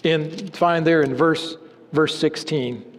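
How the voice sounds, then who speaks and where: A man preaching a sermon, telling an illustrative story and dropping to low, quiet emphasis on key words. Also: slow pace, long reverb tail, slight background noise.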